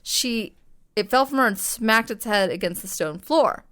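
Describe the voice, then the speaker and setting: A woman's voice: on the high side, lively intonation, measured pace, fairly bright tone. A woman co-hosting a podcast, telling a story in casual chat, rambling with lots of fillers and swearing. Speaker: podcast co-host.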